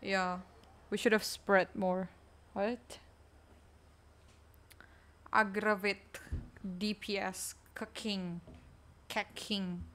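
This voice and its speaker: A woman streaming a game, chatting casually with teammates in a low, weak, energy-saving way. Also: little pitch movement, extremely slow, pauses often, fairly bright tone. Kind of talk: casual live-stream chat while gaming.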